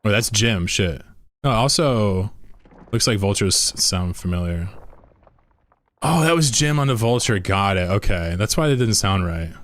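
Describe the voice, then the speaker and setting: A young man with a low voice streams a game, chatting in a loose, playful way. He gets excited and tries out impressions between remarks. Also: a little slow. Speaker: gaming streamer. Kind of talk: casual chat.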